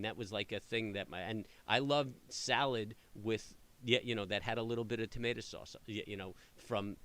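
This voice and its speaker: Chatty New man, bright voice. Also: on the low side. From New York area. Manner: rambling, animated storytelling with many fillers. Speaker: trading channel host. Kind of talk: casual chat answering live viewers.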